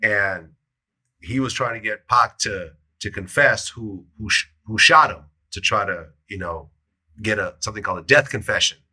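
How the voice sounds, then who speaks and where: Deep-voiced interviewer guy, sharp edgy tone, tells stories calm and even. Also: moderate pace, slightly rough. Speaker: interviewer host. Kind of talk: interview chat and storytelling.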